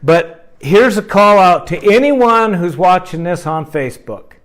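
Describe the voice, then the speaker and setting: Guy vlogging a long funny story, kinda high voice, rambling with lots of asides. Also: measured pace. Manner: animated, rambling, with fillers and asides. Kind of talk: casual storytelling.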